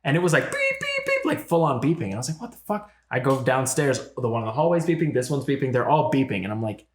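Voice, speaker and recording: A man's voice: medium pitch, very fast, reverberant. A young man co-hosting a casual podcast, telling stories with lots of swearing and filler likes. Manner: animated storytelling, frequent swearing and filler likes. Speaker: podcast co-host. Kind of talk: casual chat.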